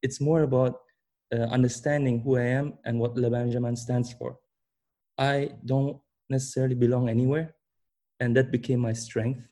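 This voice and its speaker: A young man speaks with an accent that mixes German and Turkish. His voice is mellow and dark, and his pitch sits in a middle range. He tells his story casually, tripping over his words, restarting sentences and laughing now and then. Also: flat delivery. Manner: halting, many restarts and repeated words, laughs often. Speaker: fashion designer, guest.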